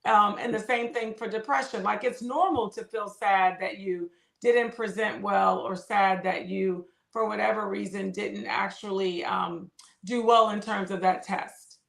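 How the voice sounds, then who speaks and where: A woman's voice: medium pitch, fairly even intonation, unhurried, creaky. A woman hosting an interview, affirming her guest with short replies and reflecting on the points raised. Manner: supportive, frequent short affirmations. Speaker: host. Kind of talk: interview chat. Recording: echoey room.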